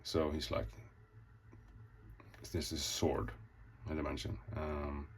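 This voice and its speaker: A man's voice: rumbling low, level tone, takes it slowly, gravelly, breathy edge. A man casually showing off his comic pages, rambling, swearing often and acting out the scenes as he goes. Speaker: comic artist. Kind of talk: casual show-and-tell.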